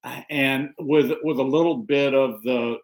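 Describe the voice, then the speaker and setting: A man's voice: medium pitch, unhurried. A man from the United States with a Southern Californian accent, a pastor talking casually and leading a spoken prayer, rambling a little with fillers. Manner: relaxed, rambling with fillers and restarts.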